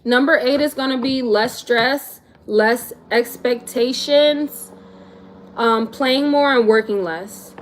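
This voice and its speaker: A woman's voice: a little high, slow, a little hiss or hum. A young woman in her twenties chatting casually on a livestream, answering viewers in a laid-back, slangy way. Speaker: vlogger answering live chat.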